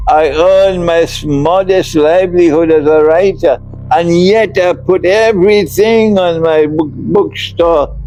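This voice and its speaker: An older man giving a slow, emphatic religious lecture as an Islamic scholar, often breaking into laughter. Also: on the high side, a little mellow, rough recording.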